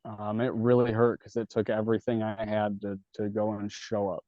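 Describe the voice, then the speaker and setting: A man's voice: lowish voice, completely flat delivery, moderate pace, dark tone, no echo. Guy telling his story, swears a bunch, plays out every line of dialogue, dull dry podcast sound. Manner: casual, swears a lot, acts out dialogue. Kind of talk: candid storytelling.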